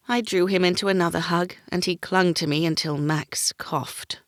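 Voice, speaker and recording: A woman's voice: lowish voice, fairly even intonation, moderate pace, no room sound, studio quality. A woman narrating a first-person fantasy audiobook, giving each character a voice.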